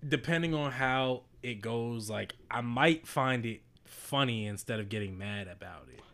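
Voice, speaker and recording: A man co-hosting a casual podcast, playful and teasing and quick to laugh. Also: mid-range voice, a bit bright, no room sound. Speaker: podcast co-host.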